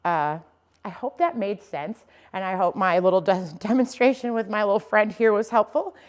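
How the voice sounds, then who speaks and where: A woman's voice: medium pitch, normal speed. A young adult woman dog trainer giving a casual, explanatory lesson to dog owners and often checking in with "okay?" and "right?". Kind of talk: instructional talk to dog owners.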